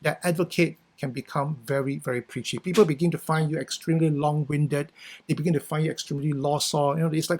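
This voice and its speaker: A man's voice: on the high side, fairly even intonation, fast, darkish tone. A middle-aged man with a Singaporean English accent, giving a conversational workshop talk with frequent "you know" and "right?". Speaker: workshop speaker. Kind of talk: talk on communication.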